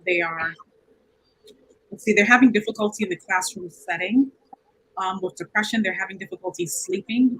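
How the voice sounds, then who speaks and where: A woman therapist explaining on a panel, soft-spoken and measured. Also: lowish voice, a little hiss or hum, low-quality recording.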